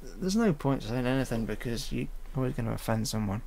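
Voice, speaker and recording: A man's voice: mid-range voice, lively intonation, a little fast, vocal fry, warm tone, a little hiss or hum. A man rambling casually with frequent fillers while he edits his own animation at a home computer. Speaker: animator editing his own fan series. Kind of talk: casual editing commentary.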